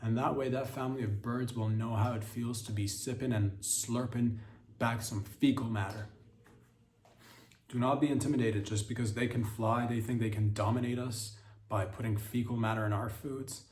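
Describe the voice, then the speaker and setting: A man's voice: mid-range voice, steady tone, normal speed, a little mellow, a little hiss or hum. Rambling man ranting in a roomy echo. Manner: mock-serious rants, rambling with many restarts and fillers. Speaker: comedy podcast host. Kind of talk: absurd deadpan comedy monologue.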